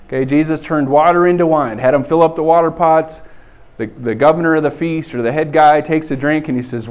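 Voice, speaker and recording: Middle-aged male pastor, fairly high voice, relaxed and chatty preaching style. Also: a little fast, clear, resonant tone. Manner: conversational, chuckling, says "okay" often. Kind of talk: sermon.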